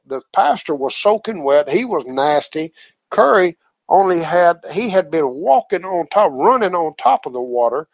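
A man telling a faith testimony over the phone in a folksy, halting way, with many fillers. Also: fairly high pitch, dry recording. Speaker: caller giving a testimony. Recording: muffled phone line, dry.

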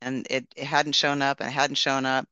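A man's voice: mid-range voice, flat delivery, normal speed, pushed and bright, smooth, no room sound, highs cut off. A man casually sharing a testimony and praying, telling his story in an earnest, rambling way with many restarts.

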